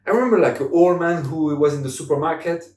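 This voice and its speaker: A young French man with a French accent, a native French speaker, chatting as a podcast guest in halting English, animated and laughing often. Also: a little high, echoey room, distant mic. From France. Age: young adult. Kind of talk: casual conversation.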